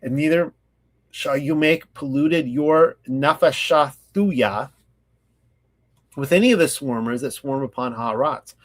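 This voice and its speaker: A man from California hosting a Bible study, reading scripture slowly and then commenting in a loose, casual way full of fillers and restarts. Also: mid-range voice.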